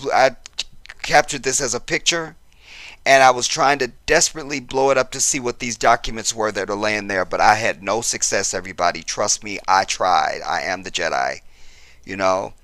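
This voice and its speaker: Bright-voiced passionate man commenting. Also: medium pitch, fairly even intonation, normal speed, no echo. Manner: passionate, blunt, profane. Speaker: vlogger commenting on the news. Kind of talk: casual commentary.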